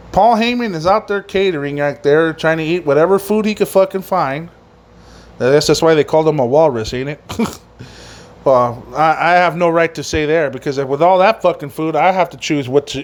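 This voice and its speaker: A man hosting a casual wrestling podcast who rambles through a recap, swears often and laughs at his own jokes. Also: sits high. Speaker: podcast host.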